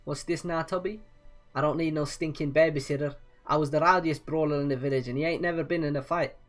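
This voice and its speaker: Man doing a boastful young soldier, manga reading, rough cocky talk, slightly high voice. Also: fairly even intonation, fast, soft background music, close to an everyday voice. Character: brash young male soldier, boastful brawler.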